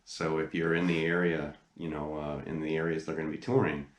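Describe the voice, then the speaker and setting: A man with an extremely low voice talks casually into a camera from his chair, hosting a guitar lesson. He rambles with excitement, full of "you know" and "uh". The room gives his voice a noticeable echo. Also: brisk. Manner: enthusiastic, rambling with many fillers. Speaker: guitar teacher, channel host. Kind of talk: casual video lesson talk. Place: indoor room, seated facing camera.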